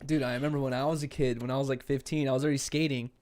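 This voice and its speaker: A man's voice: mid-range voice, flat delivery, rapid-fire, darkish tone. A young man from California co-hosting a podcast, telling laid-back, profane stories in casual chat and acting out what people said. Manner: laid-back storytelling, profane, acts out quotes. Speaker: podcast co-host.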